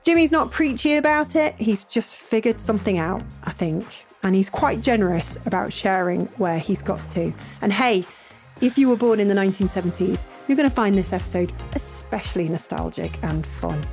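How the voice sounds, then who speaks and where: A woman's voice: mid-range voice, expressive, normal speed, darkish tone. Bubbly woman podcast host, faint music. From North East England family. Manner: bubbly, laughs often, reads ad smoothly. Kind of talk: casual interview.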